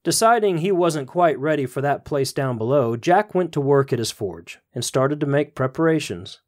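A man podcast host reading a story aloud in a measured storytelling manner. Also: a little high, expressive. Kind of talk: scripted story narration.

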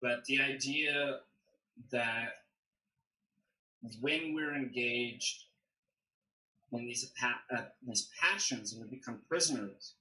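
A man who is a deacon and theologian, explaining ideas in a measured, thinking-aloud way as a guest on a livestream discussion. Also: mid-range voice, sharp tone. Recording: echoey room.

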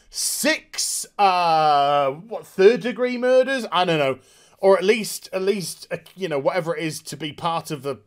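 A TV review host recapping an episode with sarcasm and open contempt, often stumbling over fillers and restarts and mocking the characters in put-on voices. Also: mid-range voice. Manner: frequent filler hesitations and restarts.

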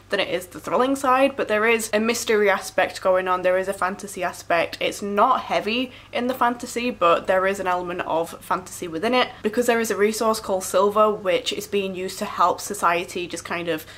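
A woman's voice: mid-range voice, fairly quick, hardly any pauses, fairly bright tone. A young woman in her twenties, reviewing a book on her vlog with gushing enthusiasm and frequent laughs. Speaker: book vlogger.

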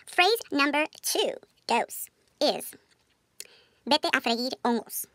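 A woman's voice: sits high, animated, slow pace, a bit bright, dry recording. A young woman vlogger explaining slang phrases in a profane, sassy, laughing manner. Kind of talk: casual comedic explainer.

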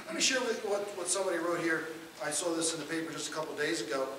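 A man's voice: a little high, quick pace, sharp tone. An older man giving a public history lecture in a joking, folksy storytelling way. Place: lecture hall. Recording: roomy, distant hall recording with noise.

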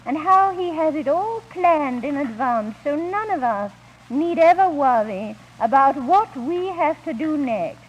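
A woman speaking at a 1950s Christian camp meeting, gently telling homely stories as she ministers, on an old archival recording. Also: sits high, a little hiss or hum, low-quality recording. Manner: gentle storytelling with homely anecdotes. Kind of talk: 1950s recorded devotional talk.

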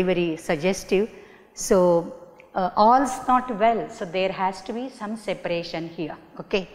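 A middle-aged woman with an Indian English accent lectures as a professor in a webinar, explaining patiently and asking rhetorical questions. Her speech is full of "you know" and "uh" as she works through each point. The recording carries a long reverb tail. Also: on the low side. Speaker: Sanskrit professor giving a talk.

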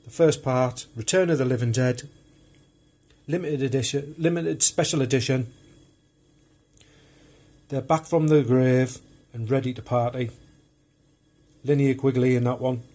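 Man, husky, warm dark tone, chatty collector, unpolished rambling. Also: mid-range voice, fairly even intonation, a little slow, long pauses. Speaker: film collector vlogger. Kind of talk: casual show-and-tell of home video collection.

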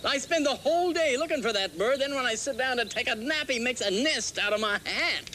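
A sleepy grumbling puppet. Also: male voice, very high-pitched, expressive, fairly quick, bright, forceful tone, slight background noise, exaggerated voice. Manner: drowsy, grumbling. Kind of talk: children's puppet show.

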